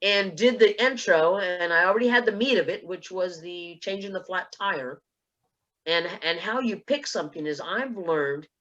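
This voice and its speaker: A woman from South Texas on a panel, telling a personal story in a lively way and acting out the dialogue. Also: lowish voice, normal speed, dull audio. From South Texas, USA. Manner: lively, acts out dialogue in quotes. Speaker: panelist, speech contest finalist.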